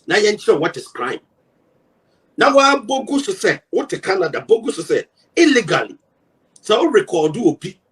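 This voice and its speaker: A Ghanaian man, a broadcaster, giving forceful political commentary, firing rhetorical questions and mixing English and Twi. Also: sits high, recorded from a distance, rough recording.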